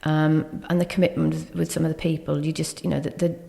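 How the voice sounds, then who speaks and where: Welsh woman, podcast guest, earnest and grateful, quick talker, gravelly, small studio with a long echo. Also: low voice, flat delivery, warm tone. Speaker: county High Sheriff, guest. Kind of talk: casual interview.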